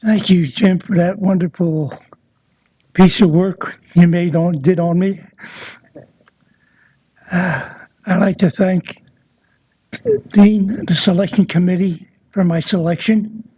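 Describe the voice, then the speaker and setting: An older man with a high, husky and mellow voice gives his thanks at an awards ceremony. He speaks very slowly, pausing between short phrases. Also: steady tone. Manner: slow, halting thanks with pauses. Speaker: hall of fame inductee. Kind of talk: acceptance speech.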